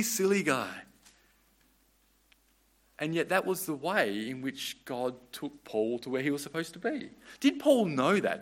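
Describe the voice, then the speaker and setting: A man's voice: mid-range voice, a bit bright. A man preaching a sermon in an earnest, conversational way, often restarting his phrases.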